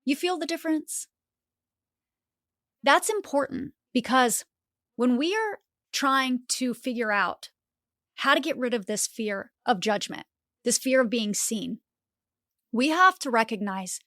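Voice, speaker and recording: A woman's voice: high-pitched, unhurried, long pauses, dry recording, studio quality. A woman hosting a motivational podcast, talking animatedly and dropping in lots of "like" fillers. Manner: animated, acts out inner voices, frequent "like" fillers. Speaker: podcast host.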